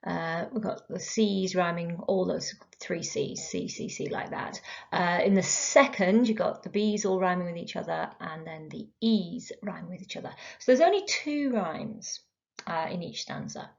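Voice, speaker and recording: A woman teaching a literature lesson in a slightly low voice. She explains patiently, with frequent ums and uhs along the way. The recording is dull and lo-fi. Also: vocal fry.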